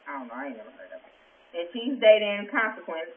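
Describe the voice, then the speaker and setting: A woman's voice: on the low side, big pitch swings, fast talker. Blunt, gossipy woman on a tinny mic. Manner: blunt, gossipy, swears freely. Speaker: TV recap vlogger. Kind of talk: casual episode recap. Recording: echoey, tinny phone-like sound.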